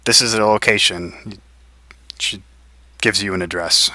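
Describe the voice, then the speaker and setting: A man running a tabletop game as game master, brisk and wry as he narrates and steers the players. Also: lowish voice, steady tone, pushed and bright, dry recording.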